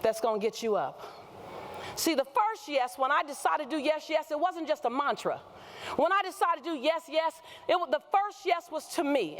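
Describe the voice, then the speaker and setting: A woman motivational speaker giving a keynote on stage, using call-and-response with the audience and shouting at the peaks. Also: sits high. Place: conference hall with a live audience.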